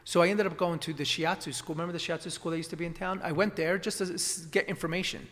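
An acupuncturist guest recounts his past in a relaxed, casual storytelling conversation, speaking fast in a slightly high voice. He rambles, restarting sentences and filling gaps with ums and "you know," while a long reverb trails after his words.

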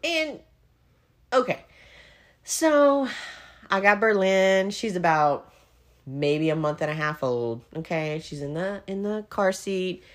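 Animated woman telling a story. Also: mid-range voice, takes it slowly. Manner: animated, keeps checking in with "okay?". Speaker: podcast host. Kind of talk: casual chat, comic storytelling.

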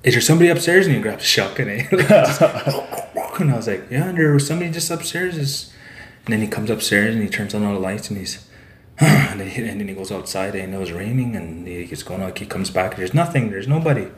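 A man's voice: on the low side, moderate pace. A man from Saskatchewan, telling a story as a podcast guest in a loose, rambling way and tagging his sentences with "eh" and "like". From Saskatchewan, Canada. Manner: rambling, tag "eh" and "like" fillers. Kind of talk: casual storytelling. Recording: roomy echo.

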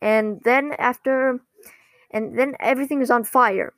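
A woman casually recapping a cartoon episode, rambling and halting, often correcting herself mid-sentence. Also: a little high, fairly bright tone, no echo.

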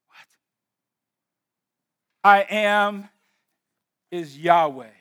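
A man preaching a sermon to a congregation, emphatic and swinging between hushed and loud. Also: high-pitched, fairly even intonation, a little slow, long pauses, clean tone. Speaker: pastor. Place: church with slides.

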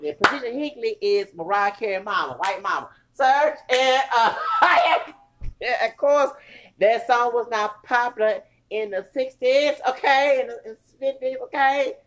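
A woman hosting a casual ranting podcast, animated, laughing often and breaking into song snippets. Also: a little high, measured pace, slight background noise. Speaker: podcast host.

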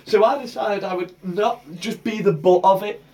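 Man, high voice, podcast banter, mock-grand, a bit back from the mic. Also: normal speed, a little mellow, distant mic. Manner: mock-grand, repeats bits for laughs. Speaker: podcast co-host. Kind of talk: casual comedy banter.

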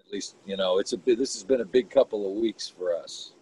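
A man's voice: on the low side, a little fast, dark tone, slightly rough, rough recording. A man hosting a casual video chat, earnest and rambling as he searches for words.

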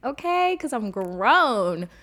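A woman's voice: on the high side, slow. Chatty young woman podcast host. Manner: chatty, animated, heavy use of "like". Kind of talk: casual solo podcast monologue.

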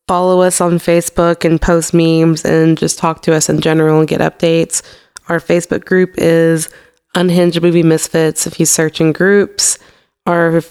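A woman co-hosting a casual movie podcast with a dry, teasing wit. Her voice is fairly low and smooth, with a strong gravelly fry running through it. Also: a little mellow. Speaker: podcast co-host. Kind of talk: casual chat.

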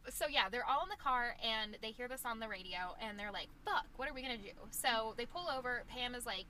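A young woman co-hosts a laid-back recap podcast with a bright, forceful voice. She talks in an animated, chatty way and slips into characters' lines. A faint hiss sits under her voice. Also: on the high side, fairly quick, poor audio. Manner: animated, acts out characters' lines, swears and laughs often. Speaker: podcast co-host. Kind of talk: casual TV recap chat.

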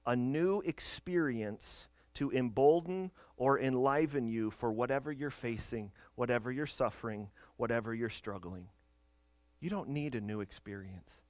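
A man's voice: mid-range voice, no room sound. A man in his thirties or forties preaching a sermon as pastor, earnest, asking the congregation direct questions.

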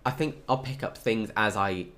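A man's voice: fairly low pitch, moderate pace, a bit bright. A young English man in casual chat, talking loosely with many fillers and frequent laughs.

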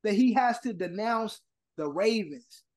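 A man's voice: sits high, expressive, measured pace, a loud crowd. A man co-hosting a podcast in casual sports banter, teasing the others and talking over them. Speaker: podcast co-host.

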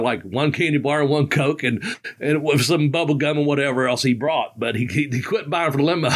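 A man's voice: fairly high pitch, a bit bright. Rambling, chuckling older man telling stories. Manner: rambling, laughs often, southern-style colloquial grammar. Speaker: podcast host telling stories. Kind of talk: casual storytelling chat.

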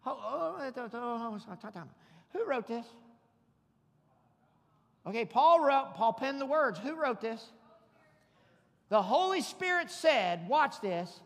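High-voiced, bright-toned preaching man. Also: big pitch swings, slow, vocal fry, pauses often, in a large hall. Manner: preachy and emphatic, folksy humor, rising to shouts. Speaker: pastor. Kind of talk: sermon. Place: church sanctuary.

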